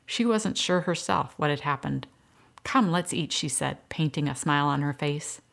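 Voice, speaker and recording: A woman reads an audiobook story in a low, gravelly voice. Her storytelling is steady and even, moving through the scenes without rush. A slight fry sits under her words. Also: moderate pace. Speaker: narrator. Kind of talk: audiobook narration.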